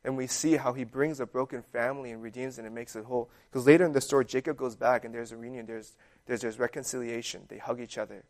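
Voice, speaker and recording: A young man preaching in a relaxed, conversational way, his talk dotted with "like" and "um." His voice is gravelly with a touch of fry and sits at an ordinary middle pitch. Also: fast talker, few pauses. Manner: conversational, full of fillers like "like" and "um". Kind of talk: casual sermon.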